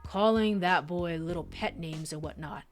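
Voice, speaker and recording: A woman voicing a gruff, overprotective middle-aged father who grumbles curtly. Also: normal speed, soft background music, natural voice. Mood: grumbling. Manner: grumbling, curt and low. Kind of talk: reading game dialogue aloud.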